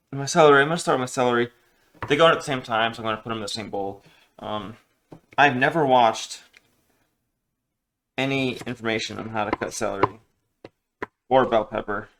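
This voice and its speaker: While cooking in his home kitchen, a vlogger chats casually, rambling and making fun of himself. He speaks at medium pitch, a little fast and a bit bright, pausing often, with a slight hiss or hum on the recording.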